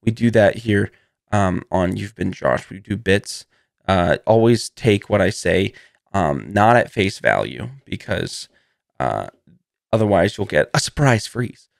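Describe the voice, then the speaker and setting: A man's voice: lowish voice, expressive, unhurried, creaky, no echo, clean studio sound. A man hosting a casual comedy monologue, rambling and playful and laughing often between his bits. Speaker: host.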